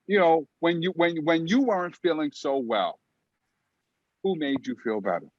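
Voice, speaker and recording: A man co-hosting a podcast, asking questions in a thoughtful, halting way and often ending with "right?". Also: a little high, lively intonation, no room sound, highs cut off. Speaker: podcast co-host. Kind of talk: casual podcast conversation.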